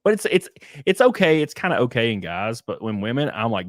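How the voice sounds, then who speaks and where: A man's voice: medium pitch, very animated, brisk, dry recording, studio quality. A man with a Southern American accent hosting a casual livestream chat, laid-back and rambling, laughing often. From Southern United States. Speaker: podcast host.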